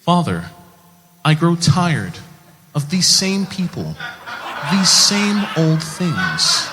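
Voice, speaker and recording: A Nigerian man voicing a grand, old-fashioned dubbing voice that speaks slowly. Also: on the high side, very animated, sharp tone, in a large hall, slight background noise, voice pushed up, exaggerated voice. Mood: grandiose. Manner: slow, grand, drawn-out. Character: booming biblical-style dubbing voice.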